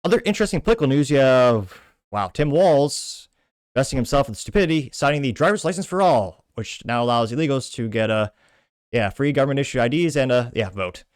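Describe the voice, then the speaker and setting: A man's voice: medium pitch, expressive, fairly quick, no echo. Man, commentary show host, wry quoted posts, dry close sound. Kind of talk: reading and commenting on social media posts.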